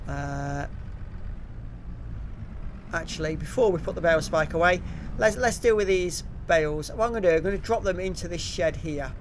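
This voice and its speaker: Middle-aged English streamer, higher voice, relaxed chatter full of ums, faint vehicle noise. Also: male voice, normal speed, pauses often. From England. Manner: chatty, reads out viewer comments, frequent ums and uhs. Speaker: live-streaming gamer. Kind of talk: casual live-stream chat.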